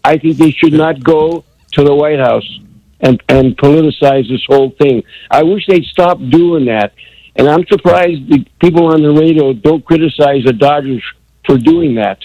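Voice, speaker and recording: A man's voice: fairly high pitch, normal speed, mellow, dry recording, lo-fi sound. A man calling in to a sports radio show to give his opinion in an indignant tone. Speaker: caller. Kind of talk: call-in opinion.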